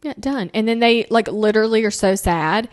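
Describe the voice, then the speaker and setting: A young woman hosts a casual family podcast, telling parenting stories as an animated storyteller who acts out quoted lines in sing-song voices. Her voice is fairly high and moderately paced.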